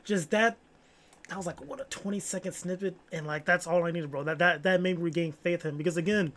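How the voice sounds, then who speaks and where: Young male vlogger, slightly higher voice, loose slangy rambling, lots of "like" and "bro". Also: fairly even intonation, fast, a bit bright, slight background noise. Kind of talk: casual solo chat.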